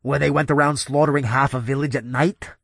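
A grave middle-aged professor of the paranormal, voiced by a man in an audio drama, speaking in a husky, slightly breathy voice. He talks in a measured, insistent way, as if pleading for caution. The recording is dry and close. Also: mid-range voice, fairly even intonation, no room sound.

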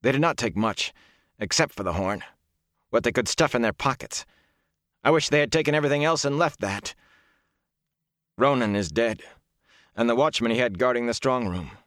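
A man's voice: medium pitch, lively intonation, moderate pace, long pauses, no echo, voice pushed up, close to an everyday voice. Audiobook: stern middle-aged warrior lord voiced by a male narrator, anguished and raised, dry booth sound. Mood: weary. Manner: stern, bursts into shouting anguish. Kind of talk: audiobook character voice.

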